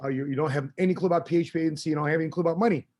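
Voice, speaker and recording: A man hosting a podcast, asking questions in a quick, joking way with repeated words. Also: fairly high pitch, fairly even intonation, darkish tone. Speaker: podcast host.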